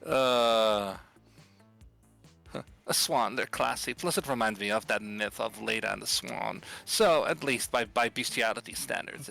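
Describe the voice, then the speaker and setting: A man's voice: lowish voice, measured pace, creaky, pushed and bright, soft background music, low-quality recording. A man casually playing a game on video, reading the on-screen text aloud with sarcastic asides. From outside the US. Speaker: gaming YouTuber. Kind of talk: casual let's play commentary.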